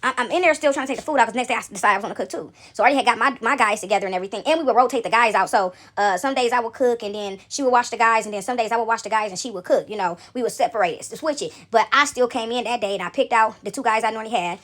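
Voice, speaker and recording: A woman's voice: a little high, rapid-fire, hardly any pauses, fairly bright tone. A woman casually telling a story to her viewers, chatty and talking straight to them. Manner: chatty, addresses viewers as y'all.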